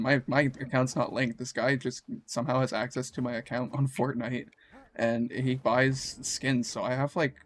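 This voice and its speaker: A man, casually chatting while streaming a game, with a groggy just-woke-up voice and a rambling, slangy, laid-back way of talking. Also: mid-range voice. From Canada. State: groggy morning voice. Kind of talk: casual chat while gaming.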